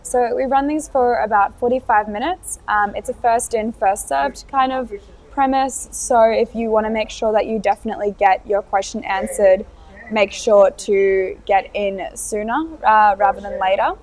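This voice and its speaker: A woman's voice: medium pitch, steady tone, normal speed. A woman hosting a live gardening Q&A, upbeat and friendly, reading out viewer questions with frequent fillers. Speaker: host.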